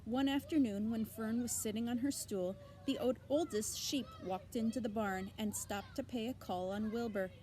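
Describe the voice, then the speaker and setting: A woman's voice: on the high side, normal speed, hardly any pauses, dark tone, a little hiss or hum. A woman teacher reading a children's novel aloud expressively, with asides to her listeners.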